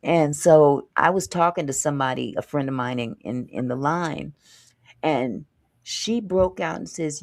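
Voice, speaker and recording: Low-voiced woman telling a lively story. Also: unhurried, creaky. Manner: animated storytelling with laughs. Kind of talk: casual chat.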